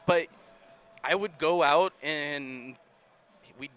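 A man's voice: a little high, extremely slow, fairly bright tone, clear, resonant tone. A man in his thirties hosting a casual interview, easygoing and often restarting his sentences. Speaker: podcast host.

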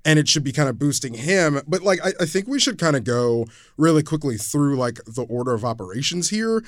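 A man's voice: fairly high pitch, animated, brisk, no room sound, studio quality. A man co-hosting a casual sports talk show, often restarting sentences as he recounts what coaches said. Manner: hesitant restarts, recounting quotes. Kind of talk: casual sports podcast debate.

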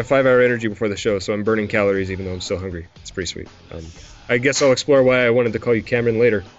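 A man hosting a gaming podcast in casual, rambling, self-deprecating chat, laughing often. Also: medium pitch. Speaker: podcast host. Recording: dull lo-fi podcast audio.

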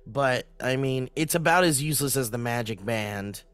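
A man's voice: mid-range voice, lively intonation, normal speed, fairly bright tone, clear, resonant tone. A man co-hosting a podcast, chatty, asking eager questions and swearing casually. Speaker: podcast co-host. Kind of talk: casual chat.

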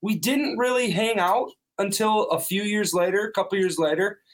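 Man, North Dakota accent, band guest, outgoing, chatty, higher pitch. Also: moderate pace, rough recording. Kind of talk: casual chat.

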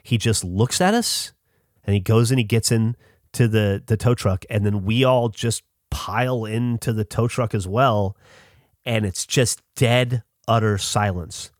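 A man's voice: fairly low pitch, a little slow, no room sound, studio quality. Profane, rambling man telling a story. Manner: rambling, profane, lots of restarts. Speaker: podcast host. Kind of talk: casual storytelling.

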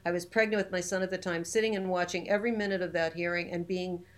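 A woman's voice: lowish voice, steady tone, fast. Fired-up woman in her 50s, indignant, leaning hard on her words, just chatting. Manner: impassioned, indignant, emphatic. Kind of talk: casual chat.

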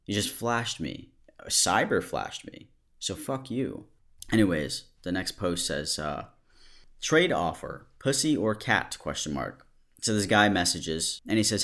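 A man hosting a commentary video, reading out screenshots and reacting with animated mockery. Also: deep voice. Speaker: host.

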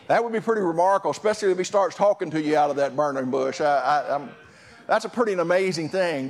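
A man preaching a sermon as pastor, impassioned, repeating words and restarting his phrases. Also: high-pitched.

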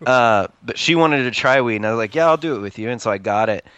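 A man's voice: mid-range voice, expressive, fast, fairly bright tone, dull audio, slight background noise. A man co-hosting a podcast, telling rambling stories in casual chat and laughing often. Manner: rambling storytelling with frequent laughs. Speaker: podcast co-host.

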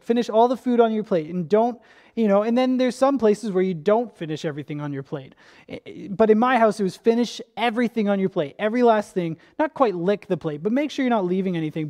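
A young male pastor giving a sermon in a relaxed, conversational, storytelling way, often restarting his sentences. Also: high-pitched.

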